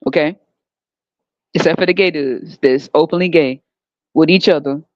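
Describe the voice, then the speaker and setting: An American woman hosting a podcast delivers an unscripted, profane, emphatic rant packed with rhetorical questions, in a low-pitched voice at normal speed. The recording is dry, dull, and lo-fi, with no echo.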